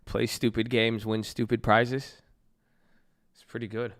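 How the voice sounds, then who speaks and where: A little slow and level in tone, a medium-pitched, slightly bright voice comes from a young SoCal man live streaming at his computer indoors. He reads viewer messages and chats casually, joking with slang and profanity.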